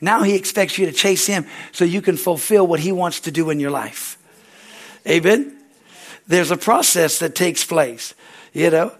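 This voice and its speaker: A man's voice: on the high side, a little slow. A man with an American accent preaching a sermon as pastor, in a folksy, rambling way, often asking "Amen?" and laughing at himself. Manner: self-deprecating, laughs easily.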